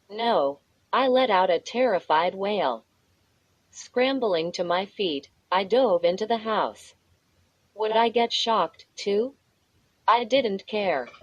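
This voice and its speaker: A woman reads a children's horror story at an unhurried, deliberate pace. Her voice is close and dry, with no room sound around it, and she sometimes reads the punctuation marks out loud. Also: medium pitch, no echo, rough recording. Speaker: narrator.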